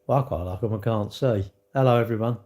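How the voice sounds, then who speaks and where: A man's voice: lowish voice, brisk, warm tone. A man doing a chatty live-stream host, rambling from one thought to the next in a blunt, offhand way. He laughs easily and talks to his viewers as if they were in the room. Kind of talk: casual live-stream chat, reading viewer comments.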